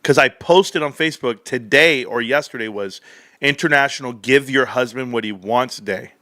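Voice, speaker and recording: A man's voice: mid-range voice, normal speed, pushed and bright, no echo, studio quality. A man talking into a desk microphone on a casual stock-market stream, joking crudely and boastfully as he rambles. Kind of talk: casual rambling livestream chat.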